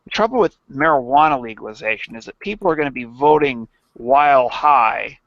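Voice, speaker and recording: A man hosting a livestream in casual satirical chat, halting and rambling with many restarts. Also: mid-range voice, animated, vocal fry, fairly bright tone, dry recording, muffled recording. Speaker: livestream host.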